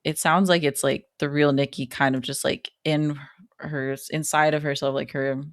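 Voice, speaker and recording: A woman co-hosting a podcast, chatting casually about a horror film, full of likes and ums and quickly acting out lines. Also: low-pitched, flat delivery, no echo, clean studio sound. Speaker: podcast co-host.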